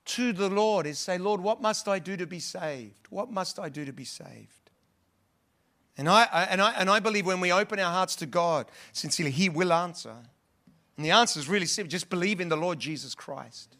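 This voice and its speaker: A male pastor delivers a sermon to his congregation. His voice sits high and bright, and he speaks earnestly and conversationally, often stumbling and restarting his sentences as he goes. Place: church.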